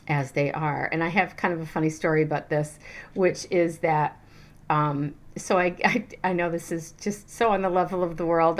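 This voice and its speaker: Woman, middle-aged, spiritual coach, casual teaching talk, chatty, animated, lots of fillers. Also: fairly low pitch.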